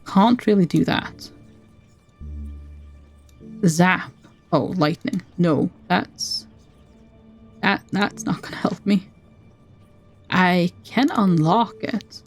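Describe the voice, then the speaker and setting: A woman streamer reading a text adventure game aloud, with playful asides and brisk narration. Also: lowish voice, soft background music.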